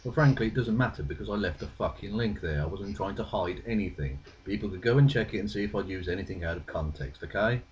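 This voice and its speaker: A man's voice: fairly low pitch, fast, hardly any pauses, highs cut off, slight background noise. A man with a British accent giving dry, sarcastic, profane rebuttals. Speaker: video creator responding. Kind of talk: rebuttal commentary.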